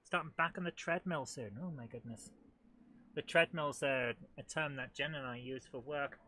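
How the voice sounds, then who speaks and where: A man's voice: medium pitch, normal speed, pushed and bright, slight background noise. Chatty man playing a game. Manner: chatty, self-deprecating, talks to the game. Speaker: host of a retro gaming channel. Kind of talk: live let's-play commentary.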